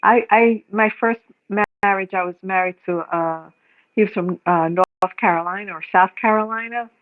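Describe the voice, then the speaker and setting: A woman's voice: mid-range voice, moderate pace, no echo. A woman calling in for casual chat, giggly and agreeable, with hesitant restarts. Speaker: caller. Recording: tinny, dry phone line.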